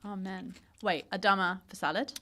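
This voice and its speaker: A woman's voice: mid-range voice, steady tone, sharp tone. A woman with a north London and Essex English accent, hosting a podcast in a playful, teasing casual chat. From England. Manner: playful, teasing, quick to laugh. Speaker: podcast host.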